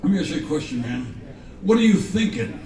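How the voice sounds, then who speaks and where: A comedian doing an impression of a gruff older male comedian who asks pushy, needling questions. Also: a little high, very animated, fairly quick, background noise. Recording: echoey live room, far from mic, crowd.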